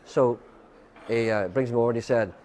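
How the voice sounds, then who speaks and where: Brisk and medium-pitched with a darkish tone, an older man with an Irish accent is being interviewed. He spins a long, meandering anecdote full of fillers, performing the voices of the people he quotes.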